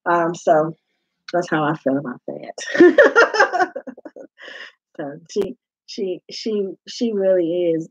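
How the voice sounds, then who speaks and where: A woman's voice: fairly low pitch, sing-song, slow pace, long pauses, breathy edge, no echo. A woman life coach speaking to her group in a live talk, emphatic and repeating her phrases for weight. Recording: dull lo-fi sound.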